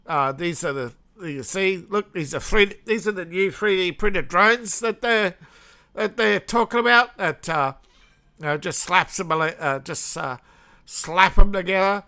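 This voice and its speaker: A man's voice: sits high, measured pace, pushed and bright, clean tone. An Australian man hosting a casual news commentary vlog, rambling and sarcastic, chuckling at his own jokes. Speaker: host.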